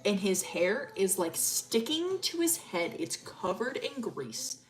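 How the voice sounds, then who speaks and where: Young woman streamer, crude, giggly, animated pitch; faint music behind. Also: takes it slowly. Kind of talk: casual lore storytelling on stream.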